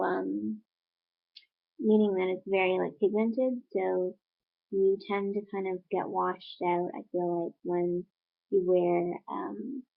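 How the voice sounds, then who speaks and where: A woman narrates a makeup tutorial at an unhurried pace, her voice carrying a gravelly fry. She rambles a little and pads her talk with fillers. The sound is thin and phone-like. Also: medium pitch. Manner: relaxed, rambling with many fillers. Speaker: beauty vlogger.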